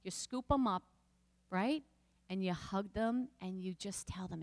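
A woman's voice: mid-range voice, normal speed, a little mellow, in a large hall. A woman pastor preaching a passionate sermon, speaking straight to her listeners with rising and falling emphasis.

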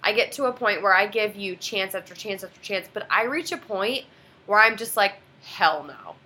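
A woman in her twenties telling a personal story in casual chat, animated and quoting others dramatically. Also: medium pitch, fairly quick.

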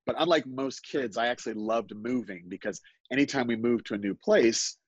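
A middle-aged man telling a personal story live on a podcast, halting and self-deprecating, with many restarts. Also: mid-range voice, breathy edge, dry recording, lo-fi sound. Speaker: guest storyteller.

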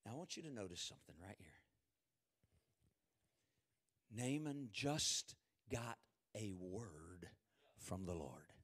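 A man preaching a sermon, reading scripture aloud and swinging from shouted quotes to hushed, quiet asides. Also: lowish voice, lively intonation, a little slow, husky.

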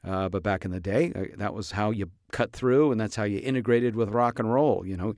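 A man hosting a podcast about voice acting, talking casually with playful, expressive comic storytelling. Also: fairly low pitch, a little fast, hardly any pauses, no room sound, studio quality. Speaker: podcast host and voice actor.

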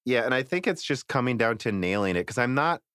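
A man hosting a casual tech podcast, talking in an animated, rambling way and breaking off mid-sentence. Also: mid-range voice, fast, clean tone, no echo, studio quality. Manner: animated, rambling, self-interrupting. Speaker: podcast host.

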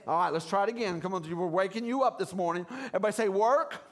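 A man with a notably high voice preaching a lively sermon. He calls out for the congregation to say words back to him. He drops in playful, conversational asides between the scripture readings. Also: quick pace. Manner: energetic call-and-response preaching, urging the congregation to repeat words; conversational and jokey, with casual asides. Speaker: pastor.

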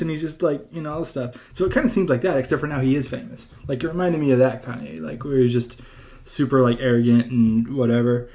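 A man from California hosting a casual podcast chat, rambling and animated with lots of fillers and restarts. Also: mid-range voice, a little fast. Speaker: podcast host.

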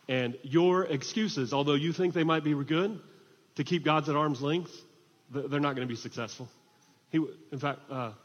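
High-voiced animated preacher in a hall. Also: male voice. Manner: animated, swings from hushed to shouting. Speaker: pastor. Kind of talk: sermon. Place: church hall. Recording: muffled hall reverb.

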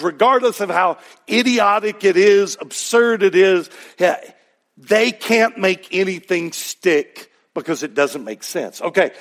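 A Texan man preaching from the pulpit, his voice a touch higher than most men's and grainy with fry. He talks to the congregation conversationally, tossing in rhetorical questions as he teaches. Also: a bit bright. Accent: Texas. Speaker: pastor. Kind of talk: sermon.

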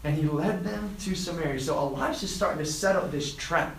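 A man preaching to students, retelling a scripture story and acting out the quoted lines with lively emphasis. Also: fairly high pitch, brisk, creaky, roomy sound, rough recording. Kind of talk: sermon to a student group.

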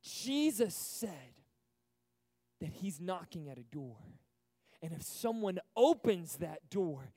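A young man with a high voice preaches an energetic sermon to young people. He swings between loud, fired-up bursts and quiet, hushed passages. The sound is close and dry, with little room echo. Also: slow pace. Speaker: youth pastor. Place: church service stage.

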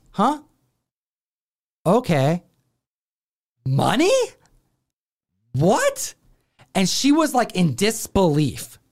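Animated storytelling man, casual chat. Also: high-pitched. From Buffalo, New York. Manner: animated, acts out family voices. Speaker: comic book show host.

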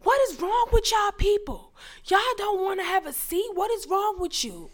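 Woman mimicking a loud, insistent stranger on a bus, pitched up and indignant. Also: a little fast, natural voice. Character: loud pushy middle-aged man on a bus.

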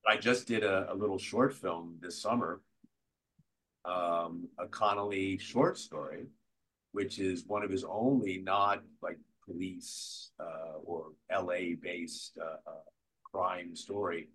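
Actor guest, male, bright forceful voice, animated storyteller. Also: sits low, slow pace, husky. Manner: animated, restarts sentences often. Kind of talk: casual interview storytelling.

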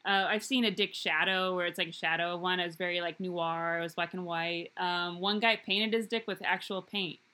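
A woman's voice: fairly low pitch, fairly even intonation, fairly quick, hardly any pauses, bright, forceful tone. A young woman hosting a podcast, chatting casually with lots of fillers and giggles. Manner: rambling, giggly, many fillers. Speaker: podcast host.

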